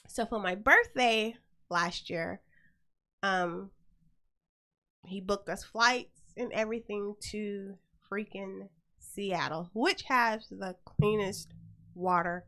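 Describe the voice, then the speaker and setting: A middle-aged woman hosting a show, telling a story in a lively, blunt and profane way. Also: mid-range voice, slow pace. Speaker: host. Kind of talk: casual storytelling chat.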